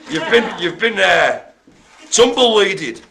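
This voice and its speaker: Jokey, bright-voiced male bingo host. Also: sits high, sing-song, slow pace, vocal fry. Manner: jokey, tells puns, laughs often; chatty, rambling asides. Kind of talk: live-streamed bingo calling.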